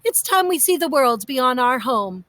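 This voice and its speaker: A woman voicing an excitable, adventurous older aunt in a storybook reading, gushing and fond. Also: sits high, unhurried, no room sound, full character voice.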